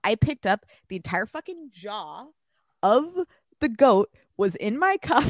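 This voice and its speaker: A woman co-hosting a casual chat, telling stories with lively swings in her pitch and a freely profane, animated delivery. Her voice sits close and dry, with no room sound around it. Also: normal speed, no echo. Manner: animated storyteller, swears freely. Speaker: podcast co-host.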